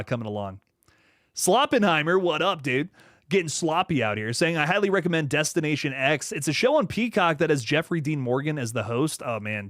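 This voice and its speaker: A man's voice: fairly bright tone, no echo, clean studio sound. Laid-back young man chatting on a livestream. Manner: laid-back, laughs often, trails off into low asides. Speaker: horror channel host reading live chat. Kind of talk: casual livestream chat.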